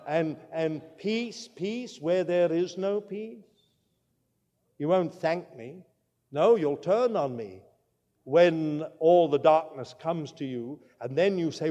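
Emphatic high-voiced male preacher. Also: in a large hall. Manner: emphatic, swings from loud declaration to low asides. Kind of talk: sermon.

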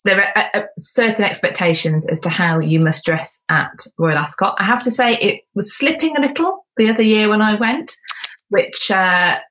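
A woman's voice: medium pitch, fairly bright tone. A woman co-hosting a podcast, chatting casually and laughing often. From United Kingdom. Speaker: podcast co-host and history tour guide. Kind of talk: casual conversational chat.

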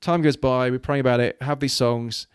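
A man's voice: medium pitch, fairly even intonation, normal speed, smooth, no echo, studio quality. A man from Wales, a guest on an interview, talking earnestly and rambling with many restarts and fillers. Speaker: guest, children's ministry leader. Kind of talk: casual interview talk.

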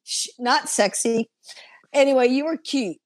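A woman's voice: high voice, measured pace, no room sound. A woman in her fifties, a guest telling a story with lots of laughing and swearing in casual chat.

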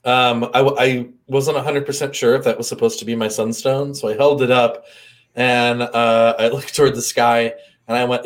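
A man with a mid-range voice speaks in a reflective, easygoing way about healing and energy. He pauses on fillers and often breaks into light laughter. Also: medium pitch, flat delivery. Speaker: co-host, energy healer. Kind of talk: casual spiritual chat.

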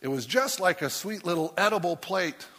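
A man's voice: high voice, animated, moderate pace, a bit bright, breathy edge, long reverb tail. A man preaching as a pastor, reading a rhyming story aloud in a playful way and putting on voices for the characters.

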